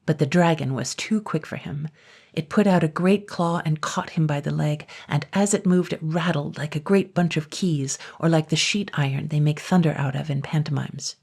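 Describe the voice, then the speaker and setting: Brief: calm, unhurried woman storyteller reading a fairy tale, gravelly low voice.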